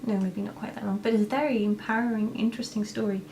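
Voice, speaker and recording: A woman's voice: medium pitch, fairly even intonation, quick pace, darkish tone. Young woman vlogging, lots of ums and restarts, slight hiss behind. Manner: rambling, hesitant, many ums and restarts. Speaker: vlogger answering viewer questions. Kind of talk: casual chat to camera.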